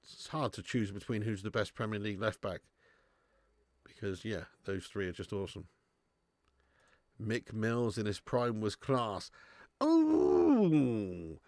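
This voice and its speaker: A man's voice: lowish voice, slow, long pauses, no room sound. A man hosting a live football watch-along, bantering with chat and swearing freely. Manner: animated banter with swearing, reads and answers chat.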